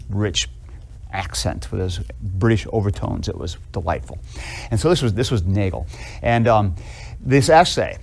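A middle-aged man lecturing in a seminary classroom, telling stories in a casual, animated way with many fillers. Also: fairly low pitch. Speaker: seminary professor.

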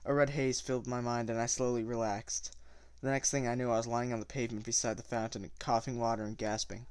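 A man reading a novel aloud at a steady pace, with small slips and self-corrections. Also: mid-range voice, fairly quick, smooth, no echo. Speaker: audiobook reader.

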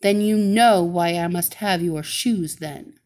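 A woman voicing a vengeful wicked witch who makes slow, menacing threats in a storybook reading. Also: fairly low pitch, a little mellow. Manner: menacing, demanding.

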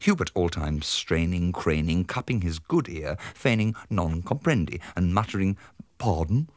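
A man's voice: low voice, expressive, moderate pace. A man narrating a comic story in a pompous, theatrical way with sweeping emphasis.

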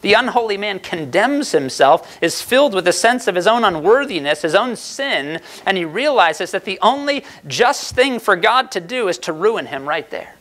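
A man's voice: sits high, a bit bright. A man preaching a sermon as pastor, earnest and emphatic, asking the congregation rhetorical questions.

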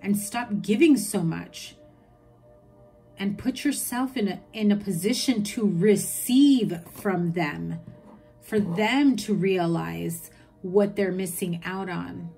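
A woman's voice: medium pitch, takes it slowly, gravelly, warm tone, slightly rough, faint music behind. A woman giving a tarot reading in a chatty, reassuring way, listing card meanings. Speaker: tarot reader.

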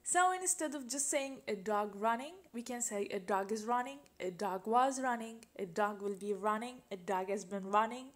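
A woman's voice: mid-range voice, moderate pace, hardly any pauses. A woman teaching an English grammar lesson, patiently asking questions and repeating example sentences.

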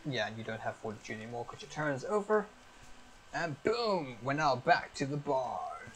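A man acting as game master on a live stream, explaining each rule of a tabletop game step by step in a brisk, upbeat way. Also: medium pitch, sing-song, a bit bright, a little hiss or hum, rough recording.

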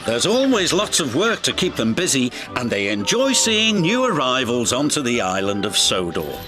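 A man's voice: medium pitch, moderate pace. A man narrating a children's story in a scripted, storytelling way. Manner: warm storybook telling, lively and expressive. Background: background music.

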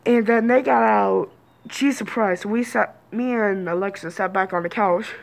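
A woman's voice: mid-range voice, normal speed, vocal fry. A woman telling a rambling storytime to her viewers, repeating and restarting her lines. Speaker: vlogger. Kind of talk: casual storytime.

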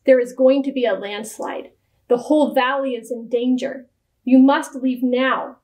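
Earnest young missionary, woman reader doing him, calm, slow and steady. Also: sits high.

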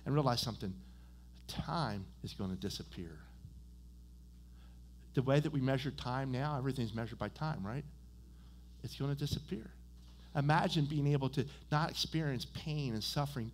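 A man preaching a sermon as a church pastor. He talks conversationally, checks in with "right?" and "okay?", and grows louder and more animated when he tells personal stories. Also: mid-range voice. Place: church sanctuary.

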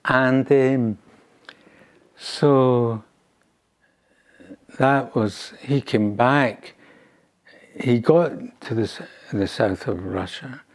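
An older man from Scotland telling a family story in an oral history interview, halting and rambling with frequent restarts. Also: medium pitch, a little mellow, slightly rough.

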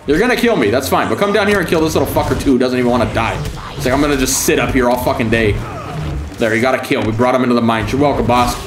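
A man's voice: mid-range voice, very fast, echoey room, music in the background. A man giving profane, sarcastic commentary while streaming a game, taunting opponents with mock-scared calls. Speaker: gaming streamer.

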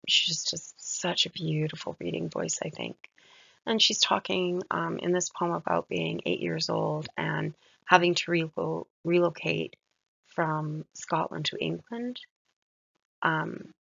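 Walking through a poem's lines in a short recorded lecture, a woman sounds soft-spoken, reflective and admiring. She has a lowish, husky voice with vocal fry, captured in a dull, lo-fi, dry recording with no room sound.

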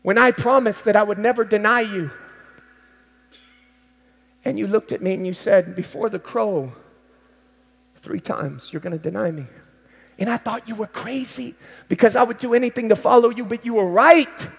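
A man's voice: extremely high pitch, normal speed, pushed and bright, heavily acted. A pastor voicing Peter, pleading fisherman. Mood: remorseful. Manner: heartfelt first-person prayer, intense and pleading. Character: the apostle Peter, adult fisherman, devoted and remorseful. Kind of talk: dramatized sermon monologue. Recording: long hall reverb.

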